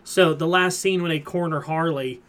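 A man hosting a relaxed pop culture podcast retells comic storylines in a rambling, filler-heavy way. His voice is slightly high and a bit bright, with fairly even intonation and a normal speaking speed.

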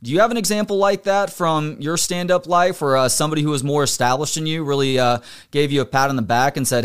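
A man's voice: on the high side, fast, hardly any pauses, clear, resonant tone. A man in his thirties hosting a sports radio show, asking long, earnest interview questions. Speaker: radio host.

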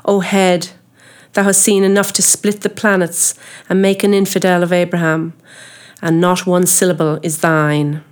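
A woman's voice: fairly low pitch, flat delivery, moderate pace, clear, resonant tone, lightly acted. A woman voicing a brooding, obsessed old sea captain in an audiobook reading, declaiming solemn old-fashioned speech.

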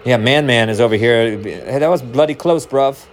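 Streamer, male, mid pitch: loose, profane watch-along banter with jokey tangents. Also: normal speed. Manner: rambling, profane, jokey, prone to excited outbursts. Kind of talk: casual sports watch-along commentary.

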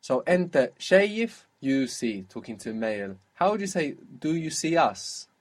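Man, language teacher, patient, explaining and quizzing, average pitch. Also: very animated, moderate pace. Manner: patient, quizzing a student and modelling pronunciation. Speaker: Arabic teacher. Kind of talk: spoken language lesson.

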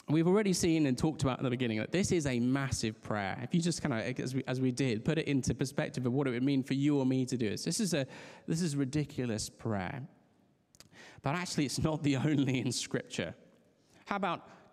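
A man's voice: a little high, animated, normal speed, a little mellow. A man preaching a sermon in a conversational, earnest way, restarting phrases and laughing lightly as he talks. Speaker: pastor. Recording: long reverb of a large hall.

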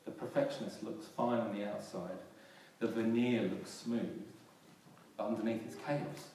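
Low-voiced man preaching in an echoey hall. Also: fairly even intonation, a little slow, mellow. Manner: earnest, repeats and restarts phrases, rises for emphasis. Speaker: pastor. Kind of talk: sermon. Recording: echoey hall from far off, faint noise.

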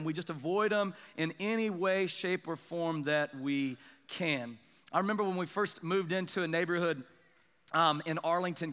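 A man's voice: high voice, big-room sound. A young adult male pastor preaching a sermon, telling stories and checking in with the congregation with frequent asides. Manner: animated storytelling with congregation asides.

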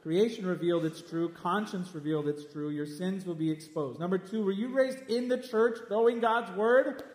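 A man preaches with a high, ringing voice, hammering home his points by saying them again and again straight at his listeners. He is recorded in a large hall or church, and a long, roomy reverb trails every phrase. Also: moderate pace, darkish tone. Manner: emphatic, repeats lines, speaks straight at listeners. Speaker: pastor. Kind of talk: sermon.

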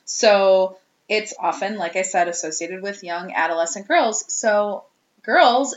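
A woman's voice: medium pitch, animated, measured pace. A woman co-hosting a podcast in casual chat, jokey and laughing often. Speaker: podcast co-host. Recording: roomy, dull lo-fi sound.

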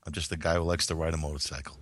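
A man's voice: very deep voice, little pitch movement, rapid-fire, a bit bright, dry recording. A man co-hosting a talk radio show, chiming in with short, dry remarks and asides. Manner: laconic, dry one-liners. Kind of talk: casual chat.

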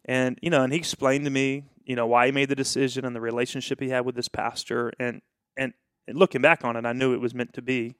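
Man pastor telling a lively story. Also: medium pitch, fast, smooth, no echo, clean studio sound. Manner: animated, acts out quoted dialogue. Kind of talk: storytelling in casual conversation.

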